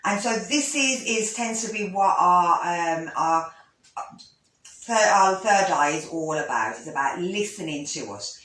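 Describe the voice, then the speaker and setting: A woman, a yoga teacher gently guiding a breathing lesson, with pauses and restarts. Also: fairly low pitch, animated. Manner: gentle, instructive, with fillers and restarts. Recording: echoey room, voice from a distance.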